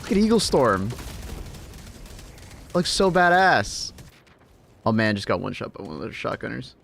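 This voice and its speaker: A man's voice: mid-range voice, sing-song, a little slow, vocal fry, a bit bright, slight background noise. A man chatting casually on a game live stream, talking to his cat and swearing now and then.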